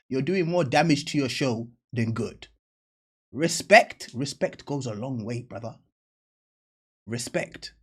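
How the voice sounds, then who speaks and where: Male reaction host, husky voice, casual and emphatic, slangy, repeats his points. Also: a little high.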